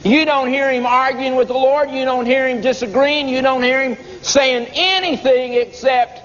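A preacher telling a Bible story in an emphatic, repetitive sermon style. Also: male voice, very high-pitched, steady tone, normal speed, fairly bright tone. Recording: dull lo-fi tape with long reverb.

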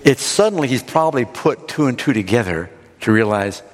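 A man preaching a sermon, retelling a scripture story in an animated, dramatic way. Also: medium pitch, a little fast, big-room sound. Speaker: pastor.

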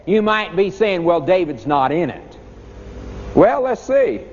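A male preacher with a high voice delivers an emphatic, dramatic sermon. The sound is dull and lo-fi, carried by a long hall reverb with faint noise behind it. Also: big pitch swings, unhurried, a little mellow.

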